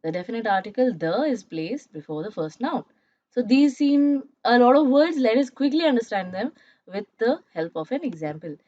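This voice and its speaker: Female grammar teacher, slightly high voice, explanatory, muffled dry recording. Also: sing-song, normal speed, warm tone, dry recording. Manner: explanatory, checks in with "all right?" and "right?". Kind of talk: online grammar lesson.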